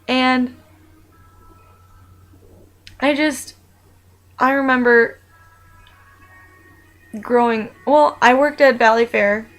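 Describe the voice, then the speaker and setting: Young woman, slightly high pitch, rambling and chatty personal vlog monologue full of fillers. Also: steady tone, extremely slow, long pauses, a bit bright, faint music behind, poor audio. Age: young adult. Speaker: vlogger.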